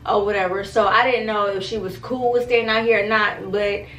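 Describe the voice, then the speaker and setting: A young woman, telling a story to her viewers in an animated, profane, casual way. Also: mid-range voice, moderate pace, echoey room, rough recording. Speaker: storytime vlogger.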